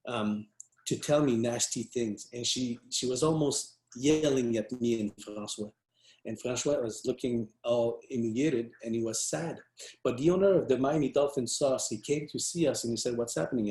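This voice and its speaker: An earnest motivational speaker, a man, tells a story, restarting often and using many fillers. His voice is mid-range and a little mellow, with a roomy echo around it.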